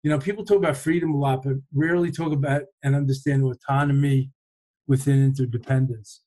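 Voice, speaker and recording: A man in a reflective conversation, speaking in a measured, thoughtful way and often pausing to find his words. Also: mid-range voice, fairly even intonation, mellow, rough recording.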